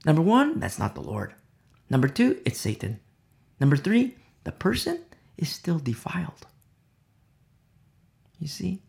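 A male preacher gives a dramatic sermon with a gravelly, creaky voice. His pitch leaps around widely as he swings from loud declarations to hushed whispers. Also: wildly swooping pitch, unhurried, long pauses.

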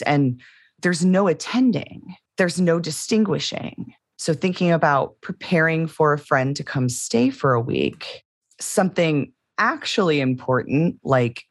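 A woman's voice: low-pitched, lively intonation, normal speed, husky, dry recording, clean studio sound. A woman co-hosting a podcast, talking candidly and reflectively in casual conversation. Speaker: podcast co-host.

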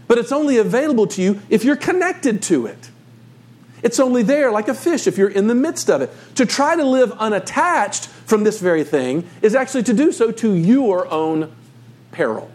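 A man's voice: high-pitched, darkish tone. A man preaching a sermon as pastor, talking to the congregation in a conversational, storytelling way.

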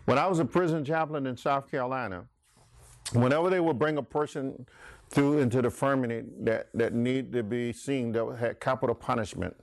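A man's voice: medium pitch, brisk, dry recording. A middle-aged man teaching a Bible class in a folksy sermon style, asking the class questions. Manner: folksy, laughs often, asks the class questions.

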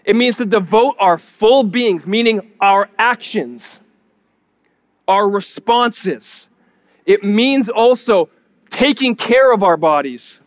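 A male pastor with a high-pitched voice delivers a teaching sermon. He talks in a loose, conversational way, stumbling over repeated words as he thinks and turning to ask his listeners questions. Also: animated, takes it slowly. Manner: teaching, repeats words when searching, asks the congregation questions.

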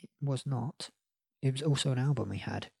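A woman hosting a casual podcast game, playful and quick to laugh. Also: a bass voice, gravelly, warm tone, slightly rough, no room sound, clean studio sound. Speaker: podcast host.

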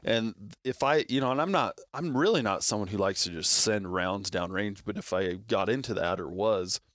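A man with a fairly low voice, telling a story in casual conversation. He throws himself into the quoted lines with sudden leaps in pitch. The sound is close and dry. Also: moderate pace, no echo. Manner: animated storyteller who acts out quotes with big jumps in pitch. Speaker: co-host in hunting talk, works at an optics shop.

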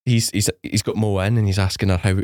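A man with a fairly low voice chats as a podcast host, quick to joke and tease. The recording is close and dry, with almost no room sound. His talk runs loose and friendly, full of asides. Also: little pitch movement, darkish tone, dry recording. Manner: joking, teasing, chatty. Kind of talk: casual chat.

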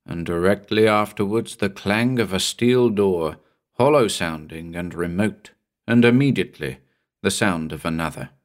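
A man narrating a horror story in a measured, suspenseful reading. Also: low-pitched. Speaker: audiobook narrator.

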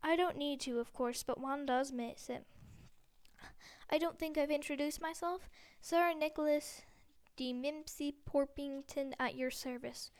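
A woman's voice: high-pitched, unhurried. A woman voicing a proud, stiff and formal male ghost who is easily offended.

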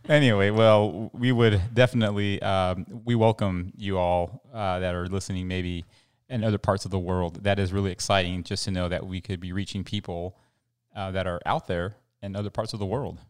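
A man's voice: low-pitched, steady tone, normal speed, clear, resonant tone. A middle-aged man from El Paso co-hosting a podcast in casual, rambling chat with many fillers. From El Paso, Texas. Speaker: podcast co-host.

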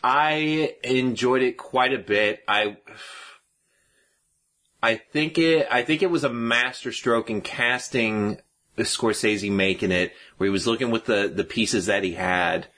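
A man's voice: medium pitch, takes it slowly, sharp tone. A man co-hosting a podcast, casually and eagerly retelling favorite film scenes. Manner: enthusiastic, quotes scenes. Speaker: podcast co-host. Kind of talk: casual movie chat.

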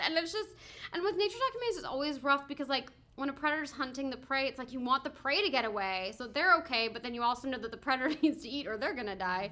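A woman's voice: high voice, animated, fast talker, pushed and bright. A woman co-hosting a podcast, chatting casually and telling a rambling story full of laughs and fillers. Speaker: podcast co-host. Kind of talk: casual chat.

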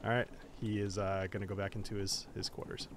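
A man's voice: on the low side, level tone, a little fast, background noise. Man narrating a tabletop game. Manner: casual, with many fillers and restarts. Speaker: game master.

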